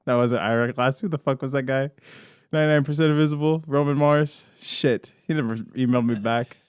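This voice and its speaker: A man's voice: medium pitch, steady tone, fairly quick, smooth, no echo, clean studio sound. A man co-hosting a comedy podcast, swearing freely and launching into mock rants. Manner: profane, mock-ranting. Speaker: podcast co-host. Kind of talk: improv comedy podcast banter.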